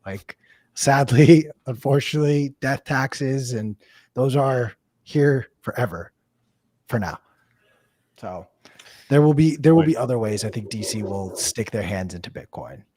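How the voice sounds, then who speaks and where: A man's voice: mid-range voice, measured pace, dark tone, slightly rough. A man co-hosting a casual panel discussion, chatty and full of fillers. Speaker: podcast co-host.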